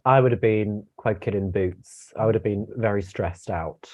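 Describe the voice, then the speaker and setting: A man's voice: lowish voice, moderate pace, a little mellow, dull audio. A young man giving his views in a casual review chat, chatty and opinionated, with stammering restarts. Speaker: co-host guest.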